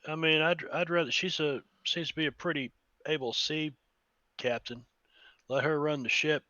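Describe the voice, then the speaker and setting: Man player in a tabletop game, easygoing, bright voice, slightly muffled chat audio. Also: on the high side, fairly even intonation, moderate pace, dry recording. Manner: casual, easygoing banter.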